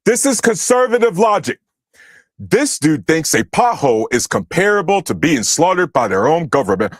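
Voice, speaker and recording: A young man streaming to his chat, ranting in a heated, profane way and often shouting. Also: on the high side, big pitch swings, normal speed, no room sound, clean studio sound. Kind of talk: heated political livestream rant.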